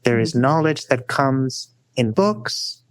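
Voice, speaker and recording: A man telling stories as a guest scholar in a podcast interview, animated and often adding "right?". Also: takes it slowly, dry recording. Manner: animated storyteller, rising high for emphasis; frequent "right?" tags.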